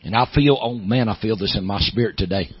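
A middle-aged man with a Southern accent, a pastor preaching a sermon, moving from low storytelling to loud, emphatic preaching. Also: fairly quick, husky, no echo, dull audio.

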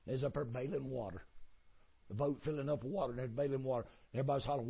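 Preacher with husky voice. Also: male voice, medium pitch, very fast, highs cut off. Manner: folksy, emphatic, repetitive preaching cadence. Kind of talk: sermon.

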